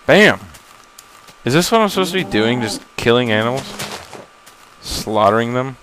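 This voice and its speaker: A young man with a medium-pitched, lively voice rambles casually through a game he's playing for the first time, poking fun at himself, jumping easily and swearing when startled. He talks at a normal speed with long pauses, recorded on a laptop setup against a noisy background.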